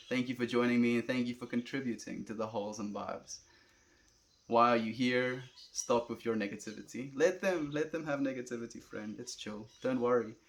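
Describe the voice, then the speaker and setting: A young man with a South African accent talks to his livestream viewers in a calm, unhurried voice. His pitch sits in the middle range for a man, and he answers each chat message easily, warmly calling people friend. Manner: calm, laid-back, calls viewers friend.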